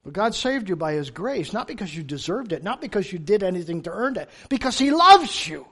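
In church, an older man delivers a sermon to his congregation in a strikingly high, bright, slightly rough voice at a slightly fast pace. He tells stories with animated humor, swinging from soft asides to sudden loud bursts.

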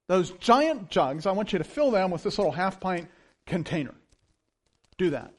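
A man preaching a sermon in a conversational, storytelling way, animated as he speaks. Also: high voice, normal speed. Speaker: pastor.

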